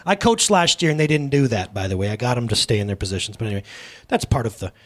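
At a church service, a pastor in his thirties talks fast in a mid-range voice, delivering a casual and humorous sermon. He tells animated, joking stories and turns aside to address the congregation.

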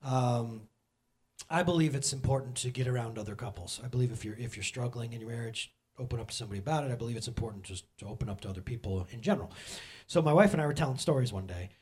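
A man's voice: medium pitch, fast, a little mellow, slightly rough. A middle-aged man preaching a casual, conversational sermon, joking and talking straight to the congregation. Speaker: pastor.

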